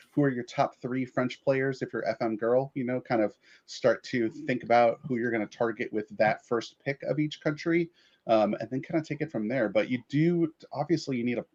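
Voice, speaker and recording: A man on a panel giving strategy advice in relaxed casual chat, with lots of fillers. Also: medium pitch, dull audio.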